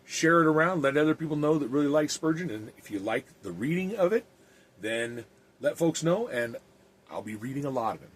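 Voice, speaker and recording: Lively, husky-voiced man evangelist. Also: on the high side, a little fast. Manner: earnest, plain-spoken, with restarts. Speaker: evangelist and podcast host. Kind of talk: podcast monologue and reading aloud.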